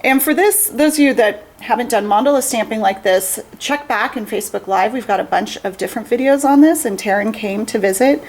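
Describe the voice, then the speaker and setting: A woman's voice: on the high side, fairly quick, hardly any pauses, rough recording. A woman who owns a craft shop, hosting a casual livestream demonstration in a chatty, upbeat way and laughing often.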